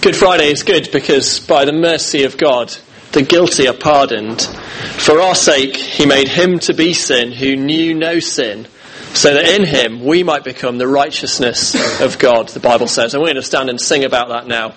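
A man's voice: medium pitch, normal speed. Man leading a church service, noisy recording. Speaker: church leader.

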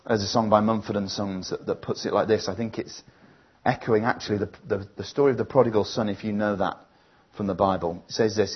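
A man's voice: on the low side, fairly even intonation, a little fast, breathy edge, highs cut off. A man preaching a sermon, telling a family story in an earnest, reflective way before leading a prayer.

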